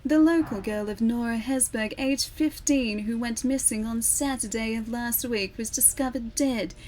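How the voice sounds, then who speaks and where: A solemn female TV newsreader, nasal yet deep, stretching out the end of every word, as a woman puts her on. The reading is formal and measured. A faint hiss sits behind the voice. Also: darkish tone, close to an everyday voice, low-quality recording. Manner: drags out word endings, formal.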